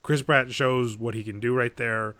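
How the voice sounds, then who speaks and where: A podcast co-host with a mid-range voice narrates a film's plot at normal speed in a dry recording. His delivery is lively and relaxed, full of profanity, and he dramatizes quotes from the movie.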